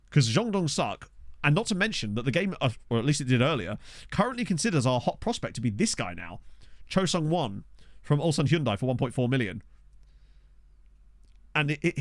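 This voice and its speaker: A man giving casual, excitable let's-play commentary, chatting to his viewers from a desk mic. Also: a little high, dry recording, clean studio sound. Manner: chatty, excitable, talks to chat. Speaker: game streamer. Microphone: desktop USB microphone.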